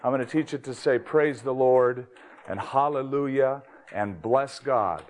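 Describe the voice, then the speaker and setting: A man's voice: mid-range voice, measured pace, close to an everyday voice. A man voicing a strict, churchgoing woman who scolds in a prim, raised voice within a joke. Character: stern churchgoing woman, strict and quick-tempered.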